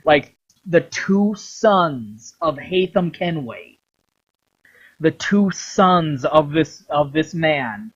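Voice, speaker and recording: A man retelling a game story in a long, animated ramble full of swearing, on a dull lo-fi recording. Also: a little high, extremely slow, slightly rough. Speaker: video creator.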